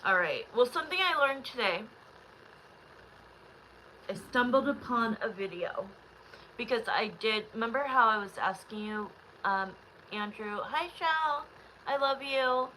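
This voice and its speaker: A woman reads tarot on a casual live stream, talking straight to her chat in a loose, rambling way. Her voice is bright and a little tense, and she sounds frustrated and near tears. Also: a little high, animated, unhurried, slight background noise, rough recording.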